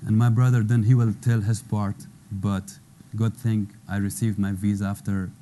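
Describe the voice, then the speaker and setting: A former interpreter from Afghanistan, a man in his thirties with an Afghan accent, gives earnest personal testimony as a panel guest in broken English. His voice is on the low side and dark in tone, with a flat, unhurried delivery.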